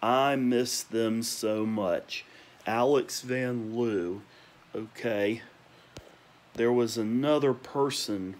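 A young man at home at night, ranting emotionally about people he misses and repeating warm praise, sometimes talking quietly. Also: medium pitch, very slow. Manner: emotional, repetitive, listing names with gushing praise; talking quietly at times because parents are asleep. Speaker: vlogger. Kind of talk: nostalgic rant to camera.

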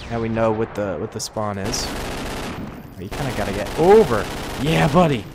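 A young man giving excitable let's play commentary, yelping and joking while he plays. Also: fairly low pitch, moderate pace, background noise. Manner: excitable, yelps and jokes while playing. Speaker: gaming video host. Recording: voice over loud game gunfire. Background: loud game gunfire and artillery.

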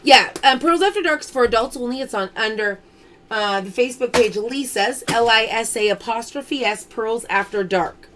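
High-voiced woman hosting a live sale. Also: moderate pace, a bit bright. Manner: chatty, greets viewers by name, reads out comments. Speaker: live-stream pearl sale host. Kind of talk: chatty live sales stream. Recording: clear background noise.

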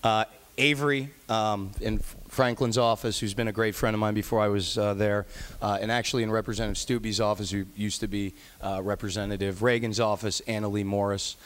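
A man's voice: on the low side, fairly even intonation, brisk. A man, a state legislator, giving an affectionate farewell speech on the chamber floor, full of fillers and restarts.

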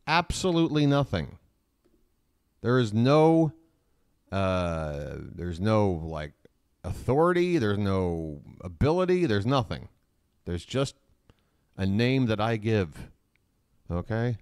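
A man's voice: on the low side, big pitch swings, takes it slowly, pauses often, darkish tone, clean tone, no room sound, studio quality. A man hosting a casual live stream from his laptop at home, rambling with self-mocking asides and reading out the chat.

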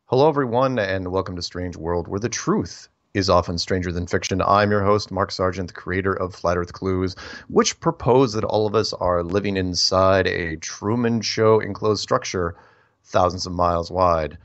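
A man's voice: sits low, moderate pace, no echo. A man hosting a call-in radio show, rambling through announcements and spelling out contact details. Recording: dry, dull lo-fi audio.

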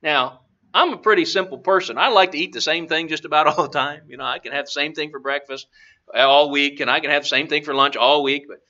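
A man's voice: fairly high pitch, brisk, pushed and bright. A male preacher giving a chatty Bible lesson, asking the audience questions and chuckling. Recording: dull lo-fi recording.

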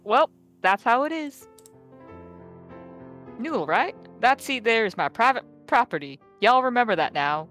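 A woman's voice: a little high, lively intonation, measured pace, pauses often, fairly bright tone, faint music behind. Woman doing a pompous budgie with a Southern drawl. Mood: self-important. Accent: put-on American Southern. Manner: hesitant, stumbling put-on drawl. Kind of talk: reading a dating sim aloud in character.

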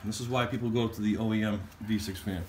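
A man hosting casual chat in a garage while working on a truck, animated and joking, laughing often. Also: lowish voice, fast, a little hiss or hum. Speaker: host. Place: home garage.

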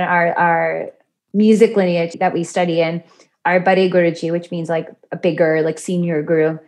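In a fairly low, darkish voice, this podcast guest chats about chanting practice, laughing now and then and acting out quoted voices. She teaches yoga and mantra, and the conversation is interview-style.

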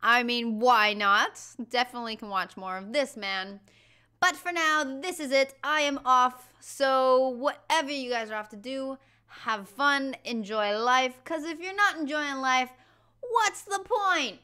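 A woman's voice: high-pitched, measured pace, bright, forceful tone, smooth. An American woman hosting a reaction video, chatty and giggly, rambling through her thoughts. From United States. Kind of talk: casual reaction chat.

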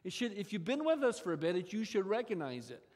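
A pastor preaching a sermon, his delivery expressive, with his voice often rising suddenly in pitch and volume. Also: fast talker. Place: large church sanctuary. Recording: long church hall reverb.

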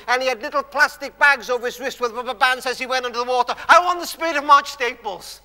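High bright-voiced preacher in a reverberant church. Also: male voice, fast, few pauses. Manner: storytelling, emphatic, drops to hushed tones. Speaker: guest preacher. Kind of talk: sermon. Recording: long church hall reverb.

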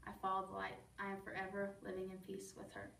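A woman recites a first-person poem in a calm, measured voice. Her pitch is ordinary. She is heard from afar in a room full of echo, with faint noise behind her. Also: gravelly. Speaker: student reader. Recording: echoey room from far off, faint background noise.

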